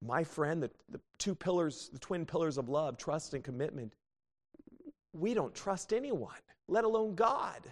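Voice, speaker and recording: Man, 30s, pastor, sermon, fervent bursts and hushed pleas, long church reverb. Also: a little high, animated, a little slow. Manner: impassioned preaching with rising bursts and hushed pleas. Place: church sanctuary.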